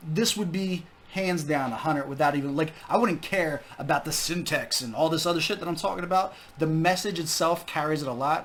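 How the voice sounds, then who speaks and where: A young man talks through his score for a track in a casual, candid way, swearing freely and gushing with enthusiasm. His voice sits a little high for a man. A faint hiss runs under the desk mic. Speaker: music reaction host. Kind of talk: casual music review. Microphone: desk microphone.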